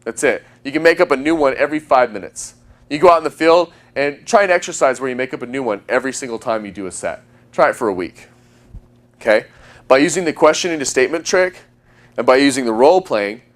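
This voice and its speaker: A man giving dating advice as a coach, talking emphatically and using long pauses for effect. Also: medium pitch. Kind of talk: instructional talk.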